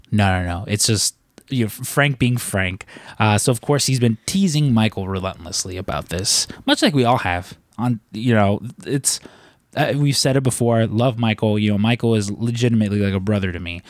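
A man's voice: mid-range voice, a little fast, dry recording, clean studio sound. A young man hosting a podcast, telling a rambling story with lots of fillers, restarts and casual swearing. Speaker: podcast host.

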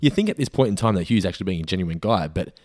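A young man talking fast, his low voice swinging up and down as he recaps a show on a podcast. The recording is dry and close. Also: no room sound. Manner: quick, animated, recapping episodes. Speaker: podcast co-host. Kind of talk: casual chat.

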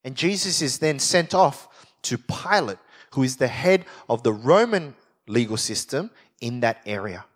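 A man's voice: mid-range voice, lively intonation, unhurried. A man teaching a Bible study in sermon style, explaining with emphasis and reading scripture aloud.

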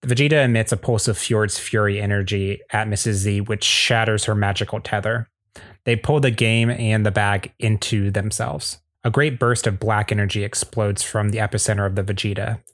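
A man's voice: lowish voice, fairly even intonation, normal speed, a bit bright, dry recording, studio quality. A man reading scripted narration at a table read, with a few small slips and restarts. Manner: plain storytelling with small slips.

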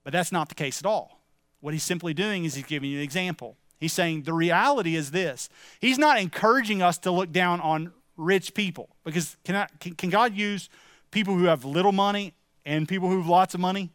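A man's voice: high voice, a little fast, a bit bright, no echo, studio quality. A middle-aged male pastor giving a sermon in a conversational way, asking the congregation questions and turning stern and emphatic. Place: church sanctuary.

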